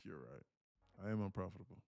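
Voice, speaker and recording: Slangy, animated male livestreamer. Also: low voice, quick pace, creaky, faint music behind. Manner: animated storytelling, slangy, calls people bro. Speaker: day-trading livestreamer. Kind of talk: casual livestream chat. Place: at home.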